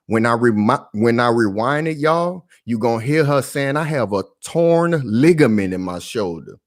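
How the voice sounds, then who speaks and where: A man's voice: medium pitch, expressive, normal speed, few pauses. A man giving casual reaction commentary, emphatic and full of street slang, often calling out to his viewers.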